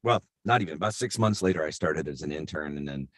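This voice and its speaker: Brief: middle-aged man, voice actor, very low voice, dry close sound, rambling anecdotes full of fillers. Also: expressive, quick pace, a bit bright, dry recording. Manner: rambling, many fillers and restarts. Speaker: voice actor guest. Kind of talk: casual interview storytelling.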